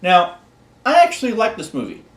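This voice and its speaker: A man's voice: sits high, wildly swooping pitch, moderate pace. A rambling man in an echoey room. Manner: rambling, repeats and restarts words. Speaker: fan presenting a countdown. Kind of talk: casual unscripted commentary.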